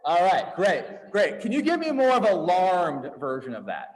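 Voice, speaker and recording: A man leading a holiday service, coaxing the congregation into a playful story with quick, encouraging back-and-forth. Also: high-pitched, wildly swooping pitch, slight background noise, rough recording. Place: dim room at a congregation gathering.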